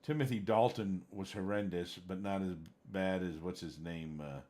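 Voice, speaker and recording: A man with a deep, darkish voice chats casually at normal speed while streaming a game for viewers. His talk wanders, he gropes for names, and at times he gets heated.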